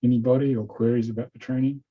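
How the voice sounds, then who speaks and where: A man with a New Zealand accent hosting a webinar over a video call, chatty and relaxed. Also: mid-range voice, quick pace, slight background noise. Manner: relaxed, chatty, says "okay" a lot. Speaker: webinar host. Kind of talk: casual webinar talk. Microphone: computer mic on a video call. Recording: dull lo-fi video call audio.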